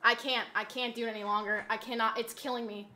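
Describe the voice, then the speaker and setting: Bright high-voiced woman streamer, pleading dramatically. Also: level tone, fast talker. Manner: pleading, dramatic, swings from pleading murmur to shouting. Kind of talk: casual live-stream chat.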